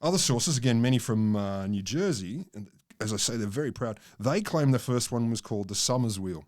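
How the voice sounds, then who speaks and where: A man's voice: mid-range voice, lively intonation, fairly quick, darkish tone. A man co-hosting a science podcast, telling a story in a rambling, amused way with many restarts. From Australia. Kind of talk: casual science chat.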